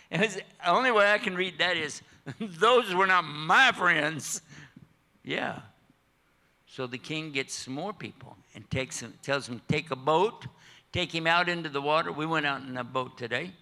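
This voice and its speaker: An older man with a slightly high, creaky voice preaches a storytelling sermon in a mosque hall. He's animated and jokey, teasing his listeners and acting out the story's characters.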